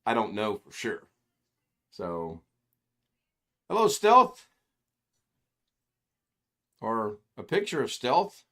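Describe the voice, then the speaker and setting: A man's voice: on the low side, big pitch swings, unhurried. Older man telling a rambling story. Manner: rambling storyteller who acts out quoted voices, chuckling often. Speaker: livestream host. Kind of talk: casual chat.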